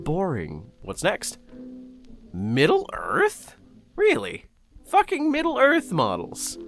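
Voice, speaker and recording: A man's voice: medium pitch, a bit bright. A young man hosting his own channel, giving casual, sarcastic commentary and swearing often. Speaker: YouTube host reacting to announcements.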